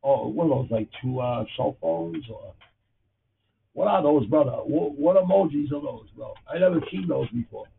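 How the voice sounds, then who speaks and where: A man's voice: a little high, normal speed, gravelly, distant mic. A man in his fifties with a Boston accent, hosting his podcast in a blunt, profane, rambling way. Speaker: podcast host. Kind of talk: casual livestream chat. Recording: tinny phone-like audio with faint noise.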